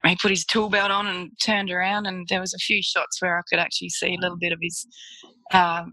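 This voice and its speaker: Australian woman, slightly low, bright voice, casual anecdotes, frequent laughter. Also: little pitch movement, fairly quick, no echo, low-quality recording. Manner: chatty, laughs often while telling stories. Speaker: guest photographer. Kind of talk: casual storytelling interview.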